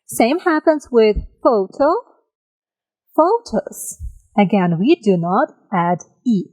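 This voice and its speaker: A woman teaching an English grammar lesson, drawing out each example word slowly and often checking in with a "right?". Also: on the high side, very animated, darkish tone, low-quality recording. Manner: slow, careful, drawn-out example words; checks in with listeners by asking "right?".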